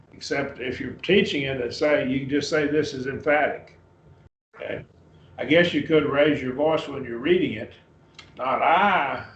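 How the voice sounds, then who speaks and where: Guy teaching bible class, loose and halting, calls on folks by name, echoey room, dull lo-fi sound. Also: medium pitch, a little hiss or hum. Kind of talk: Bible class lesson, Greek word study. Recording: roomy, dull lo-fi class recording.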